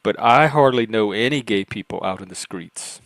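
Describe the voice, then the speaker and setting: A man's voice: lowish voice, moderate pace, a bit bright, no room sound. A man hosting a live stream in casual chat, rambling and self-mocking with frequent laughs and a light, youthful-sounding voice.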